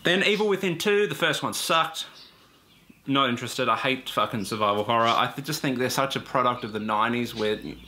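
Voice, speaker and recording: Male gaming vlogger, average pitch with a bright edge, opinionated and foul-mouthed, rambling asides. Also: a little fast. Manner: blunt, profane, opinionated; rambling with fillers and self-corrections. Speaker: gaming YouTuber. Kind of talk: casual opinion rant to camera.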